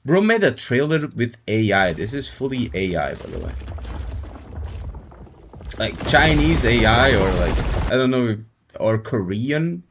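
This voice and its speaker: A male livestreamer talking loosely to his chat, laid-back and jokey. He speaks slowly, yet his pitch swings widely, rising and falling as he reacts. The delivery is unscripted and conversational. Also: very animated, fairly bright tone, a little hiss or hum. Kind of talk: casual live-stream chat.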